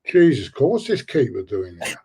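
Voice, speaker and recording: A man with a gravelly, husky voice fires off blunt reactions while he watches a football match. His remarks are short and casual, and he often swears. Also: mid-range voice, sing-song, moderate pace, a little mellow. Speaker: co-host of a football watch-along stream.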